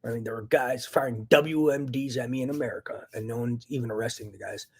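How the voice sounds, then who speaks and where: A man ranting angrily into the camera in a profane, agitated monologue, swinging between loud outbursts and low muttering. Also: fast talker, husky. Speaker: vlogger.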